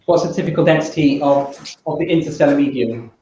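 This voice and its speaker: A man's voice: a little high, fairly quick, dark tone, a little hiss or hum. A man with a British accent giving a physics workshop lecture, thinking aloud with many restarts and quizzing the audience. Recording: echoey, dull hall recording from far off.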